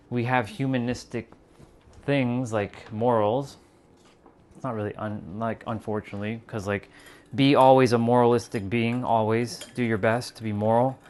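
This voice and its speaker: A man with a medium-pitched, somewhat dark voice hosts a livestream from his home kitchen. While he cooks, he talks casually and thoughtfully with his chat about spiritual ideas, filling his speech with fillers and restarts.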